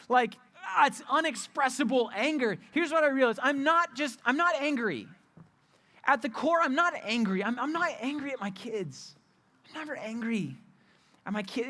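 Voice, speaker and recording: A man's voice: very high-pitched, pushed and bright. A young adult man preaching a candid, conversational sermon as a youth pastor, often repeating and restarting his phrases.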